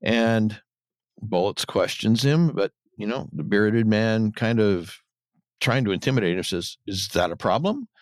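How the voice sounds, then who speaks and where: A man co-hosting a podcast, recapping episode scenes in casual chat and now and then mimicking characters in a higher voice. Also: a little slow, clear, resonant tone, no echo, studio quality. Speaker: podcast co-host.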